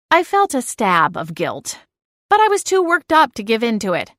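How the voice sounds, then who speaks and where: A woman reading a first-person audiobook, narrating with expressive, exasperated dialogue. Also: a little high, normal speed, no room sound, studio quality.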